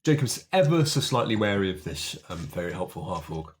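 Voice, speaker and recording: A man playing a tabletop game, dry, measured and quietly wry. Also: on the low side, sing-song. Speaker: player.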